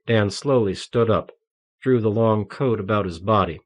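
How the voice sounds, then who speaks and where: Here a man narrates a novel for an audiobook, his pitch fairly low. The reading is scripted, with a calm, even storytelling cadence.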